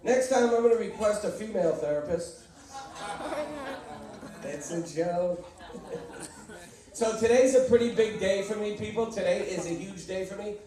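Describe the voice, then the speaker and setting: Brash, self-mocking stand-up comic in his fifties, high-pitched and animated, heard from afar in a booming room. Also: moderate pace, pauses often. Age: 50s. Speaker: stand-up comedian. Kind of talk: stand-up comedy set. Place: comedy club with live audience. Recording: echoey room, mic from far off, audience noise.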